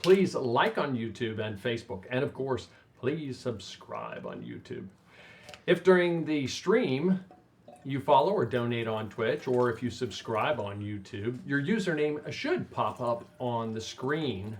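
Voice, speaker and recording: A man's voice: medium pitch, very animated, measured pace. A man hosting a tabletop game stream, reading an upbeat welcome and thanking viewers. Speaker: stream host. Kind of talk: scripted stream intro, then casual chat. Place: room with tabletop game group. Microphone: desk microphone. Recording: noisy stream mic.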